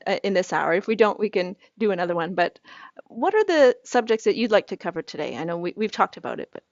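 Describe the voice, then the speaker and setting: A woman's voice: medium pitch, animated, fast talker, no echo. A woman hosting an interview show, introducing her guest and asking questions in an encouraging way. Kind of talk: hosted interview. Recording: dry, dull lo-fi sound.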